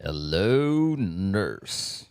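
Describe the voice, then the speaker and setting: A man's voice: sits low, very animated, very slow, darkish tone, clear, resonant tone, no room sound. A young man live-streaming a game, chatting loosely and greeting viewers by name in a rambling, playful way. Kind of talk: casual live-stream chat.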